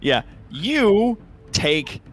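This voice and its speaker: A man's voice: sits high, very animated, extremely slow. A man narrating as game master, laughing often and loose with his words, with many ums and restarts.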